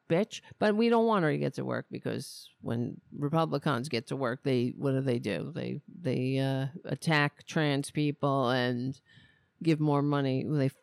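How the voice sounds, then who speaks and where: A woman's voice: rumbling low, gravelly, no echo, clean studio sound. A woman hosting a podcast, giving sarcastic, mocking, profane political commentary. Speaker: podcast host.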